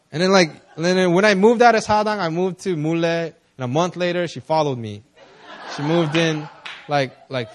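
A young man preaching at a prayer meeting, telling stories in a loose, conversational way, often laughing and jumping up in excitement. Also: sits high. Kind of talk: casual sermon with storytelling.

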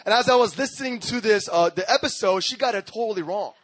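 A male pastor preaching a sermon, telling stories in a lively, slangy way and often laughing as he talks. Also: high-pitched, fast talker, few pauses, dry recording. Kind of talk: sermon with storytelling.

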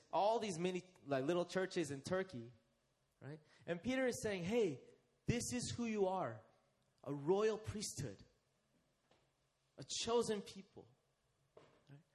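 A young man preaching a sermon, asking his listeners questions and slowing down to stress key phrases. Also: high voice. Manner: interactive, asks the congregation questions and leads them.

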